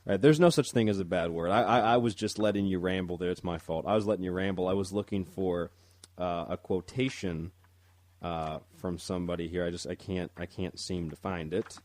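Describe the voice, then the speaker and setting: A man's voice: low voice, fairly quick, a little mellow, dry recording. A man hosting a talk radio show, rambling and stumbling over his words as he comments. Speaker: radio host.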